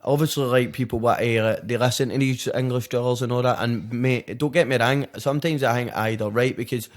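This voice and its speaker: A man's voice: mid-range voice, fairly even intonation, brisk. A young Glaswegian man chatting as a guest rapper on a podcast, swearing freely and rambling through lots of fillers. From Scotland. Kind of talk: casual podcast chat.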